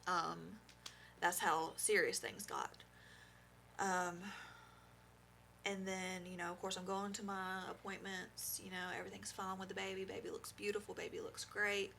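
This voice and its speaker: A young woman guest on a podcast shares a painful personal story in a halting, heartfelt way, leaning on fillers as she goes. Her voice sits in an ordinary middle pitch with a noticeable gravelly fry. A faint hiss lies under the studio recording. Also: little pitch movement, bright, forceful tone. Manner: halting, heartfelt, full of "you know" fillers. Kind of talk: emotional personal testimony.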